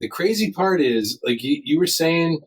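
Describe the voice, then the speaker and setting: A man's voice: a little high, animated, normal speed, far from the mic. A man co-hosting a film review podcast, chatting in an easygoing, agreeable way. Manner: easygoing, agreeable back-and-forth with fillers. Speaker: podcast co-host. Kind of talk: casual film review chat.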